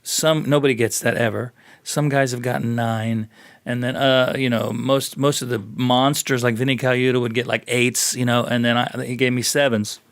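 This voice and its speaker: Animated man telling studio-session stories. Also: mid-range voice, normal speed, clear, resonant tone, no room sound. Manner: animated storyteller, acts out voices and laughs. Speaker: bassist guest. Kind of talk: storytelling interview.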